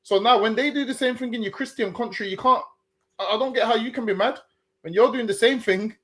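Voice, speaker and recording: A man's voice: extremely high pitch, fairly quick, fairly bright tone, slight background noise. A man, a guest in a casual discussion, who makes his points earnestly and stumbles over restarts as he reasons aloud.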